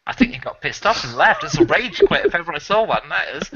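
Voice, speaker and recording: A man narrates a tabletop game as game master, chatty and quick to laugh. His voice is very bright and lively in pitch, and he takes his time. The voice-chat audio sounds dull and lo-fi.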